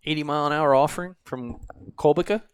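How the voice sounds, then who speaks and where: A man's voice: on the high side, fast, clean tone. A man adding casual color commentary to a baseball broadcast with dry, wry asides.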